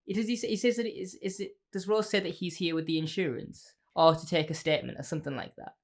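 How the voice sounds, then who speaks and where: Brief: woman, very deep voice, enthusiastic podcast co-host, blunt and sweary. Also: steady tone. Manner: enthusiastic, swears freely, quick asides. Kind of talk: casual chat.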